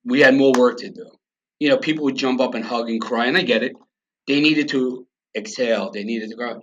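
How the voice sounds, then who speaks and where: A man's voice: medium pitch, a little fast, fairly bright tone. A man, a podcast guest telling his story in a blunt, profane, emphatic way. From New York. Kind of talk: storytelling in a conversational interview. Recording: slightly dull lo-fi sound.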